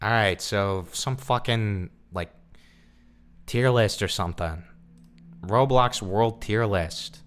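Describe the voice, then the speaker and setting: A man hosting casual reaction commentary, crude and sarcastic, swearing constantly and dropping into low mumbled asides. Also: takes it slowly, fairly bright tone, clear, resonant tone. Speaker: commentary host.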